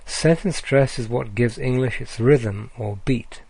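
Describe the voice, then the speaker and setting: Slow, gravelly-voiced male lecturer. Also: mid-range voice, darkish tone, no echo. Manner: slow, deliberate with frequent ums and uhs. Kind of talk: recorded slide lecture.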